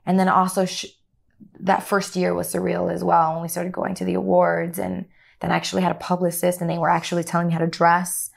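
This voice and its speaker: A middle-aged actress in an interview, telling a story with lively acted-out dialogue and frequent laughter. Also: female voice, lowish voice, brisk, creaky. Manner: animated, acts out quoted dialogue, laughs often. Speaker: actor guest.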